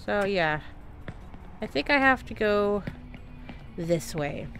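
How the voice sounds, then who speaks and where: A woman's voice: mid-range voice, lively intonation, slow, a bit bright, soft background music. A woman in her thirties from Texas with a Southern American accent, chatting through gameplay and talking to herself. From Texas, USA. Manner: chatty, exclaiming, talks to herself. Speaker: gaming streamer. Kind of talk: live gameplay commentary.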